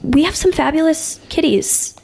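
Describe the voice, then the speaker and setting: A woman's voice: sits high, normal speed, creaky, darkish tone. A young woman co-hosting a podcast in casual chat, upbeat and rambling, with plenty of likes and ums. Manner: rambling, filler-heavy, upbeat. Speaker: podcast co-host.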